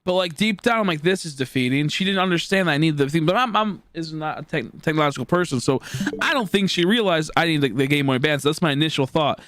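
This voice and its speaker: Twenties male streamer, loose rambling storyteller who swears freely, voice sitting a bit high, dry close sound. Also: quick pace, fairly bright tone, no room sound. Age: 20s. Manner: rambling, heavy on fillers and swearing. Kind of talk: casual storytelling.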